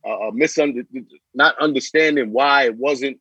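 A man's voice: medium pitch, moderate pace, pushed and bright, breathy edge, dry recording, muffled recording. A man in his forties telling his story as an interview guest, in profane street slang, often repeating himself. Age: 40s.

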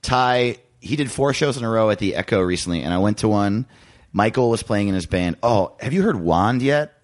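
A man hosting a podcast, telling excited stories in casual, swearing chat. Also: on the low side, fairly quick. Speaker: podcast host.

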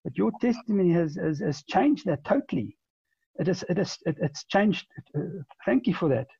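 A man in his forties tells a long story as a podcast guest, often stumbling over repeated words and restarting. His voice is gravelly and husky, pitched a little high, with a dark, mellow tone. The recording is dull and lo-fi. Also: lively intonation, moderate pace, dry recording. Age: 40s. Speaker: interview guest. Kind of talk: conversational storytelling.

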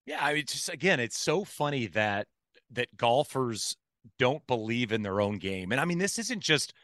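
A man's voice: mid-range voice, very animated, normal speed, a bit bright, no room sound, studio quality. A man hosting a golf podcast, asking long, rambling, thoughtful questions in casual chat. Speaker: podcast host.

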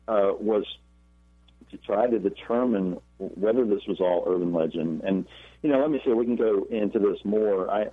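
A very low-voiced man calls in as a guest and tells a long story, stopping and restarting with fillers and repeated words. His voice comes over a narrow, tinny phone line with no room sound. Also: dry recording. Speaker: guest, paranormal researcher and author. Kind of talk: storytelling interview.

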